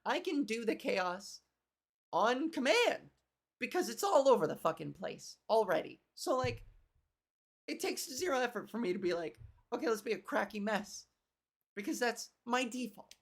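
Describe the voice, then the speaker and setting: A woman's voice: a little high, sing-song, normal speed. A woman comedian hosting her own podcast, with a cracky voice, rambling and swearing in casual, self-deprecating chat. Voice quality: cracky, gravelly voice.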